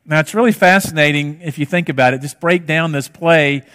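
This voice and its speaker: A man's voice: on the high side, a little fast, a bit bright, clean tone. A man preaching a sermon, telling a story and asking rhetorical questions, in a reverberant hall. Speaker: pastor.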